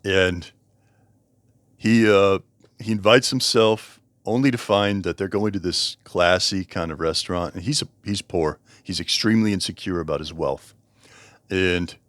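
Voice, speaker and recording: Deep-voiced man rambling about a book. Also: a little slow, a bit bright, no room sound. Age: over 20. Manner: rambling, self-correcting, chuckles often. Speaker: book reviewer. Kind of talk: casual spoken book review.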